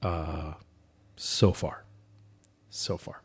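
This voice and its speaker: A man co-hosting a podcast, chatting casually in a relaxed, joking way that often repeats itself. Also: very deep voice, very slow, slightly rough. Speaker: podcast co-host. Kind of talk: casual chat.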